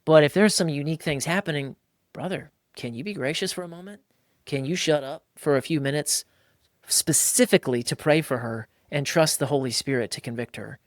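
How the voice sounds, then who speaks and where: Emphatic, animated male podcast host. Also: fairly quick, dry recording, clean studio sound. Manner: emphatic and animated, acting out quotes in a higher voice. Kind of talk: casual podcast talk on faith and marriage.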